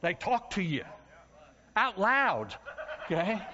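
A preacher tells his story in a folksy, lively way. His voice sits a little high for a man. The recording sounds muffled and lo-fi. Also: a little slow, a little hiss or hum. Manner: storytelling, folksy and animated, acts out shouting congregants. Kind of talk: sermon. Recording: muffled low-fidelity sound.

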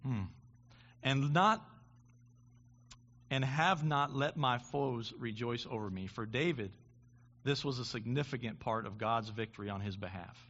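A man preaching a sermon, with halting restarts, building to impassioned preaching. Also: mid-range voice, fairly bright tone, dull audio. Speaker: pastor.

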